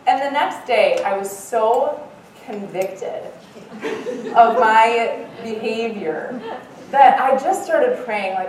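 A middle-aged woman giving an earnest devotional talk as a Bible study speaker, mixing in lively self-mocking stories. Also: on the high side, slow pace. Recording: echoey room, mic far off, faint noise.

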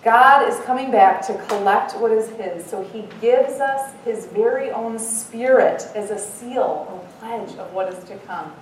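A middle-aged woman giving an earnest devotional talk as a Bible study speaker, mixing in lively self-mocking stories. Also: on the high side, a little slow, hardly any pauses. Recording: echoey room, mic far off, faint noise.

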